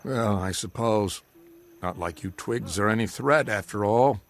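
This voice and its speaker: A man's voice: lowish voice, measured pace. A man voicing an arrogant male gladiator in a video game, curt and dismissive.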